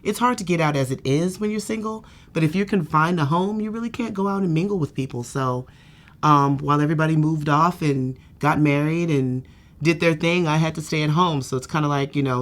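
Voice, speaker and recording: A woman speaks in a candid patient-testimonial interview. Her delivery is chatty and lively. She fills her sentences with "you know" and slips into the voices of the people she quotes. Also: deep voice. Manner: lively, acts out quoted speech.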